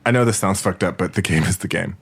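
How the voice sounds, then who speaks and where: A man's voice: low voice, quick pace, vocal fry, breathy edge. A man, the show's producer, telling a silly comic story on a podcast and laughing through it. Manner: lively, sing-song list of names.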